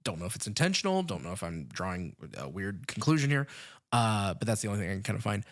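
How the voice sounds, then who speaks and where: An American man talks casually as a podcast co-host, working through his ideas about a film. He hedges as he goes and fills his pauses with ums. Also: fairly low pitch, sing-song, fairly bright tone. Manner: thoughtful, hedging, many ums.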